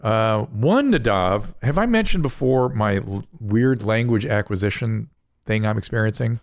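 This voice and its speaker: A man's voice: fairly low pitch, expressive, moderate pace. An older man hosting a podcast in casual chat, rambling and often breaking off mid-sentence. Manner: rambling, self-interrupting. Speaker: podcast host.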